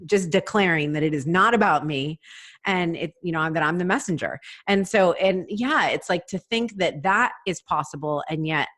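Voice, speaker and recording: A woman's voice: on the low side, normal speed, a bit bright. A woman hosting a podcast, enthusiastic and affirming in casual conversation. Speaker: podcast host.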